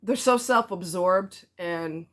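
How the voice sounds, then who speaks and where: Speaking slowly in a lowish voice, this woman rants to camera for her vlog viewers. She repeats things for stress and doesn't soften her emphatic opinions.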